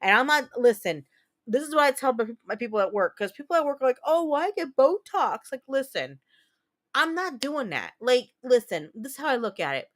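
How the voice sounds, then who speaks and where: A woman's voice: fairly high pitch, very animated, a little fast, a bit bright. A woman in her thirties hosting a casual livestream chat, talking candidly and profanely as she tells stories and answers viewer comments. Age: 30s. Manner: candid, profane, chatty storyteller. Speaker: livestream host.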